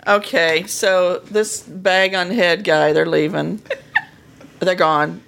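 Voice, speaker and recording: A woman co-hosting a casual podcast chat, animated and quick to laugh. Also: fairly low pitch, gravelly, clean tone. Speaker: podcast co-host.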